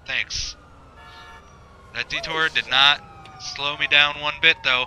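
A man with a mid-range, sharp-toned voice speaks slowly with long pauses over faint background music in a rough recording. As a gameplay video host, he rambles sarcastically, swears often, and talks to himself while playing.

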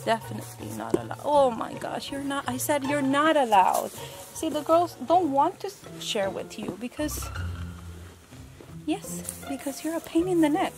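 A woman's voice: high voice, sing-song, normal speed, music in the background. A woman chatting playfully to her goats outdoors in a pen, scolding and cooing at them. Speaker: homesteader vlogger. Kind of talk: casual talk to goats. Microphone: handheld camera.

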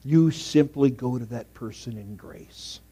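Middle-aged male pastor preaching in church, anecdotal, shifts from loud to near-whisper. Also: mid-range voice, unhurried, slightly rough. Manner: storytelling, swings from loud emphasis to hushed asides. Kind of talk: sermon. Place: church sanctuary.

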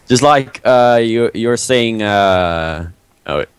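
A young Dutch man chatting casually over a game in English, with a Dutch accent, pausing often with uhs. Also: mid-range voice, expressive, smooth, no echo. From Netherlands. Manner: hesitant English with many uhs. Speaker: gaming YouTuber guest. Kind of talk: casual gaming chat.

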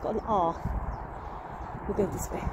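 A woman's voice: a little slow, noisy background. A woman in her fifties with a Nottingham accent, chatting casually and whimsically to camera while walking outdoors. She is a little sniffly and plays with made-up words. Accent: Nottingham English. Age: 50s. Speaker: vlogger. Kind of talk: casual rambling chat to camera. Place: outdoors on a country lane, walking.

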